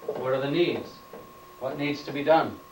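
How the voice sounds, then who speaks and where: Recorded from a distance on an indoor camera mic, a male instructor delivers a training lecture at a moderate pace and medium pitch. He states each point plainly, then restates it as a question, amid background noise and roomy, off-mic acoustics.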